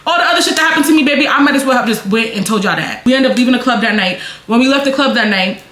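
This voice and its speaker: A young woman vlogger telling a story in a casual, animated, blunt and profane way. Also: fairly high pitch, racing. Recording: roomy echo.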